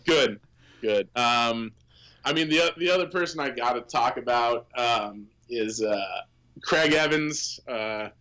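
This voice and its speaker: A man's voice: mid-range voice, a little slow, rough recording. A former ballpark staffer, a man, spinning funny behind-the-scenes anecdotes in a casual podcast chat, full of ums and restarts. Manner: animated anecdotes with many fillers and restarts. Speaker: former team employee, guest.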